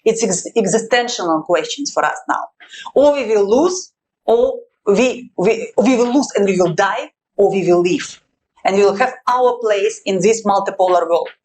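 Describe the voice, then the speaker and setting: Woman, Russian accent, non-native English, emphatic, halting, mid pitch. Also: animated, a little mellow, low-quality recording. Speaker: war correspondent guest. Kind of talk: interview answers.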